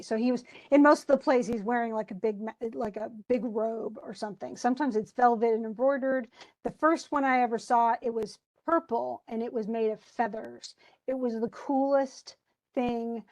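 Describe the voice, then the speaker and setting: A female teacher with a fairly high voice gives an informal lesson on a play, speaking at normal speed in a relaxed, chatty style. She drifts into side topics and keeps restating the old-fashioned language in plain modern words.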